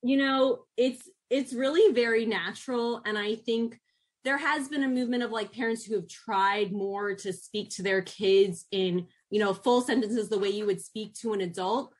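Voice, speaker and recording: A woman with a somewhat high voice talks in a warm, animated way as a guest on a news interview. She speaks as an occupational therapist. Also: normal speed. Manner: warm, animated, lifts into high sing-song baby talk when demonstrating.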